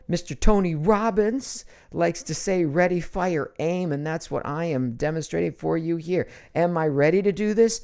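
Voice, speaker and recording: A man's voice: fairly high pitch, unhurried, creaky. A middle-aged man hosting a casual live online show from a home studio, joking and slipping into mock outrage. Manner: animated, jokey, swings into mock outrage. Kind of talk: casual livestream chat.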